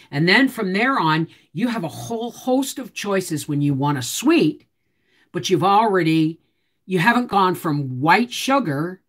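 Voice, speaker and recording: A woman hosting a live stream from home, chatting with viewers in a chatty, teasing way and answering their comments. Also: on the low side. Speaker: homestead channel host.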